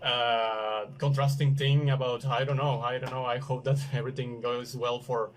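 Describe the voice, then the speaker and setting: A man's voice: medium pitch, level tone, moderate pace. Hesitant male host. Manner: hesitant, many fillers, searching for words. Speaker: podcast host. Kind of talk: casual interview chat.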